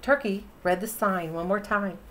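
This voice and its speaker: Teacher reading a picture book aloud. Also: female voice, medium pitch, normal speed. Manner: animated, asks the listener questions.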